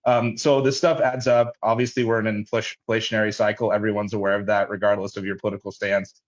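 Male business guest, halting delivery, fairly low voice, dull lo-fi audio. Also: flat delivery. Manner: halting, many restarts and fillers. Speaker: logistics company head, guest. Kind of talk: radio interview answers. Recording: dull lo-fi line.

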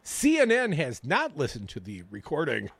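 A man's voice: fairly high pitch, huge pitch swings, moderate pace, vocal fry, a bit bright, breathy edge, no echo. A male radio talk show host, bantering and reading news stories with sarcastic asides in a studio. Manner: wisecracking, reads news items aloud with sarcastic asides. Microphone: studio microphone.

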